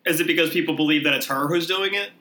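A man co-hosting a podcast, firing off quick incredulous, profane questions. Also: fairly high pitch, pushed and bright. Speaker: podcast co-host. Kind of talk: casual movie chat.

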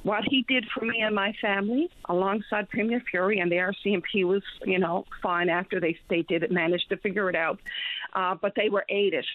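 A woman's voice: mid-range voice, steady tone, brisk, dry recording. A woman from Newfoundland calling a radio talk show, telling a story earnestly with many restarts. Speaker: caller. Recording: tinny phone line.

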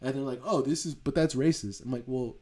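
A man's voice: mid-range voice, brisk, warm tone. A young man co-hosting a casual chat, rambling through a story with frequent swearing and laughter. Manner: rambling, profane, laughs often.

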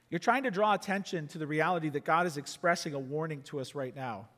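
A man preaching a sermon in an earnest, emphatic way, often dropping to a quiet, intense tone. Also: high voice, quick pace, few pauses, in a large hall. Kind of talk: sermon teaching.

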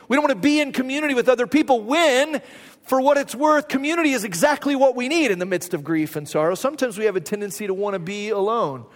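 A male pastor delivers a sermon in a loose, storytelling way, often checking in with the room through quick rhetorical questions. His voice sits very high for a man. It rings out in a church with a long, lingering reverb. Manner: conversational storyteller, asks the audience rhetorical questions.

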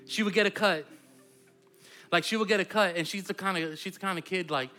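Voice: medium pitch, fairly quick, bright, forceful tone, soft background music. A pastor and parent preaching a sermon in a conversational, playful way. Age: adult parent.

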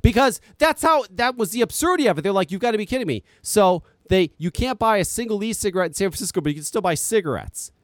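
A man's voice: high voice, lively intonation, fast talker, hardly any pauses, no room sound. A man ranting on a podcast, exasperated and profane, talking close to the mic. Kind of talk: heated podcast commentary.

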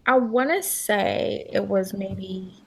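A woman's voice: mid-range voice, takes it slowly, vocal fry, darkish tone, breathy edge. A young adult woman from the United States, chatting expressively as the interviewee in a casual interview.

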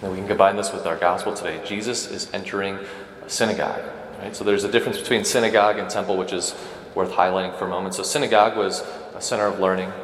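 Deep-voiced priest in an echoey church. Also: male voice, fairly even intonation, fast talker, fairly bright tone, slight background noise. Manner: conversational, asks the congregation "right?" often. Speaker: Catholic priest. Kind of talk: homily at Mass.

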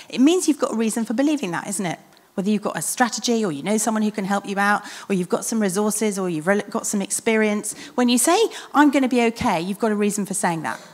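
A woman preaching a sermon in an earnest, reflective way, with emphatic repetition and often dropping to a soft hush. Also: medium pitch. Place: church hall. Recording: church hall with long reverb.

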